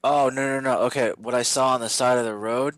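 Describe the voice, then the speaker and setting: A man's voice: mid-range voice, fairly even intonation, fairly quick, fairly bright tone, dry recording. A man co-hosting a casual gaming podcast, hesitant and full of questions and fillers. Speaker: podcast co-host.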